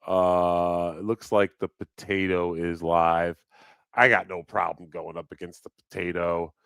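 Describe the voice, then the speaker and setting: A man's voice: low-pitched, flat delivery, measured pace, creaky, fairly bright tone, clean tone, no echo. A man hosting a live stream, chatting casually in a rambling, profane, joking way. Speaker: livestream host. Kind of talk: casual livestream chat.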